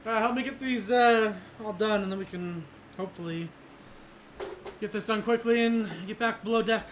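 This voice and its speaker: A game master voicing a male sailor working the rigging in a tabletop game, in a plain and halting way with fillers. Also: medium pitch, slight background noise, lightly acted. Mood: hurried. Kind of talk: tabletop game role-play.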